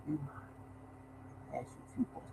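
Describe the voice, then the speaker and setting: A man voicing a smooth, hushed male executive who talks like Dracula, slow and near-whispered. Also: noisy background, natural voice.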